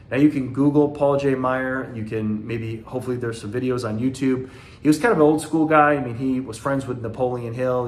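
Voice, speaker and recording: Earnest man in his forties giving a motivational talk. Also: medium pitch. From Southern United States. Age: 40s. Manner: earnest, conversational, loose and rambling. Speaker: motivational speaker. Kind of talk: casual motivational talk to camera.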